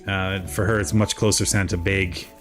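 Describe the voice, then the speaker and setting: A man's voice: moderate pace, soft background music. A man in his thirties from South Jersey, with its accent, chatting casually while streaming a farming game and answering his chat in a rambling way. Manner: chatty, rambling, lively with sudden high jumps. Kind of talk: casual gameplay chat with chat readers.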